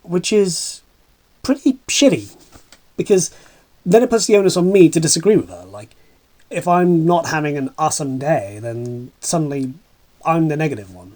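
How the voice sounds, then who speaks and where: A man's voice: fairly high pitch, sing-song, normal speed, darkish tone. A man acting as a bitter, washed-up male horse celebrity, talking in a sardonic, rambling way with stammering asides. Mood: bitter, wry. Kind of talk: comedic dramatic monologue.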